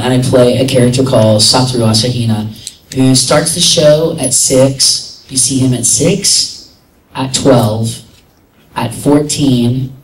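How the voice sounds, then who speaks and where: A man rambling through stories at a convention panel, piling on filler words as he goes. His voice is mid-pitched and picked up from a distance in an echoey hall. Faint room noise sits under it. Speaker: convention guest voice actor. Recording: echoey hall, recorded from afar.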